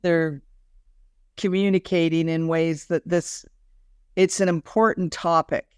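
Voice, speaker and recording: A woman co-hosting a spiritual wellness podcast in unscripted chat, animated and often restarting her sentences. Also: on the low side, measured pace, clear, resonant tone, no room sound, clean studio sound. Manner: animated, frequent self-restarts. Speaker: podcast co-host.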